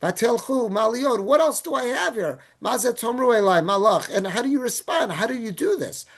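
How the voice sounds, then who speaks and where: A man teaching as a rabbi, reading Hebrew verses and then retelling them in casual, animated English. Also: very high-pitched, normal speed, vocal fry. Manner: animated storytelling. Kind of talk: Torah class.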